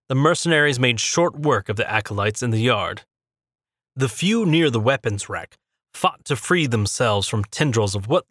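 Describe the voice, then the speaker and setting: A man narrating a fantasy story in a steady, measured reading. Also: mid-range voice, no room sound, clean studio sound. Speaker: audiobook narrator.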